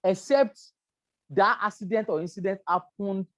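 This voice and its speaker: A woman's voice: mid-range voice, moderate pace, no echo. A woman teaching a health and safety class, stressing key words, repeating herself and checking in with "right?". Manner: emphatic, repeats words, asks "right?" often. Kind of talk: lecture to a class.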